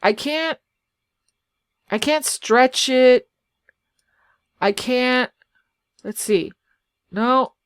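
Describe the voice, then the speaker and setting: A woman's voice: high voice, animated, extremely slow, long pauses, smooth, dry recording, clean studio sound. A woman web designer hosting a casual screen-share walkthrough of website builders. She talks in a chatty, self-deprecating way and thinks aloud as she clicks around. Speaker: web designer and channel host.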